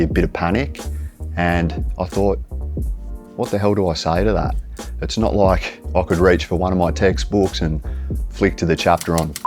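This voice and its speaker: An Australian man speaking to camera, giving plain-spoken, step-by-step advice in a calm, instructive manner. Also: low voice. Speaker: mental health presenter. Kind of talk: direct-to-camera advice talk.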